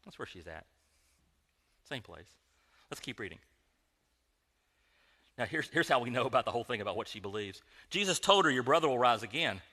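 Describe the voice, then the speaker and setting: Bright-voiced man preaching a conversational sermon. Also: mid-range voice, sing-song, moderate pace, pauses often, big-room sound. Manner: conversational, joking, addresses congregation directly. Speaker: pastor. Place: church sanctuary.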